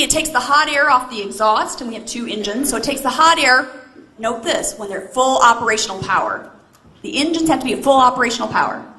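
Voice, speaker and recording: A woman motivational speaker telling a story to a live audience on a stage mic, animated and asking the crowd questions. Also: high voice. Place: large event hall. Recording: echoey hall with faint noise. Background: audience responses.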